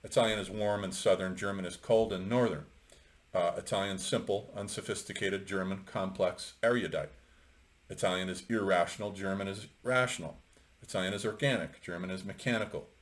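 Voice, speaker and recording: A man's voice: sits low, steady tone, fairly quick. A middle-aged man giving an unscripted, opinionated commentary on a novel, talking in a rambling way with many fillers. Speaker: lecturer on literature.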